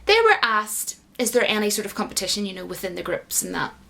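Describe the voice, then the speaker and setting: A woman's voice: medium pitch, very animated, quick pace, gravelly, bright, forceful tone. A woman giving a casual, indignant and sarcastic rant as a commentator, full of fillers. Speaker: YouTube commentator.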